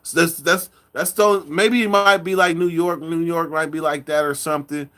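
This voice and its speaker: Man, casual chat, from California, bright tone, higher pitch, repeats himself. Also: steady tone. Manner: loose storytelling, drawn-out words, repeats himself. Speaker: podcast host.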